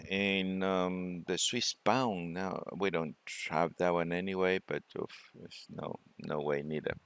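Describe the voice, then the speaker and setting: A man presenting a forex trading walkthrough, talking it through unhurriedly with many fillers and pauses. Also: low-pitched, steady tone, fairly bright tone, clean tone, no room sound. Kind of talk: screen-share trading walkthrough.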